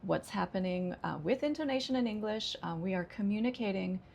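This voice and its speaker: An American woman who teaches English as a second language, speaking each model sentence slowly and with exaggerated intonation. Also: mid-range voice, lively intonation, gravelly, darkish tone, slight background noise. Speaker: ESL teacher. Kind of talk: pronunciation lesson.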